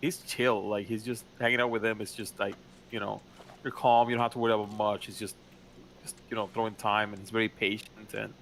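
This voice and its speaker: Low-voiced man, halting and hesitant. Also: little pitch movement, creaky, a bit bright, a little hiss or hum, rough recording. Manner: hesitant, halting, many restarts. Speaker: fellow role-player. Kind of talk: casual chat.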